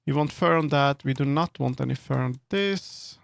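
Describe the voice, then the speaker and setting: A man chats casually on a live stream while he works, thinking aloud and correcting himself. His medium-pitched voice is creaky at a moderate pace, in a dry recording.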